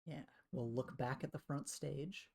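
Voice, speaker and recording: A man narrating a tabletop role-playing game as game master, relaxed and full of filler words. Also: mid-range voice, measured pace, creaky, slightly rough. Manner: relaxed, filler-heavy narration with many uhs.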